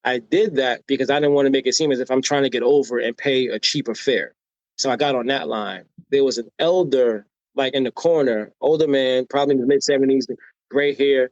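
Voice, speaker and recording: A man's voice: mid-range voice, a little fast, dry recording. An American man telling personal stories as a podcast guest. He has a mid-range voice and acts out the people in his stories, often checking in with "right?". The sound is dry and a little dull, like a modest lo-fi recording. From United States. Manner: animated storyteller who acts out quoted voices and often adds "right?". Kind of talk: personal storytelling in a podcast interview.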